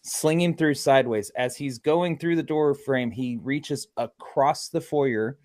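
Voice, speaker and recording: A man's voice: mid-range voice, a little slow, no room sound. A man recounts investigation stories with eager energy, throwing himself into the quoted lines. His voice sits mid-range and sounds close and dry, with no room around it. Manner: excited, acts out quotes loudly. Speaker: paranormal investigator guest. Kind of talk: animated storytelling in a podcast interview.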